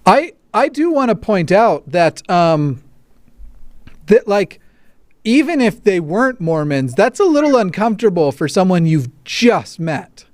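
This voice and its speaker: A man's voice: high voice, big pitch swings, unhurried, darkish tone, no room sound, clean studio sound. A man co-hosting a livestream, chatting casually with sarcastic, joking banter. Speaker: podcast co-host.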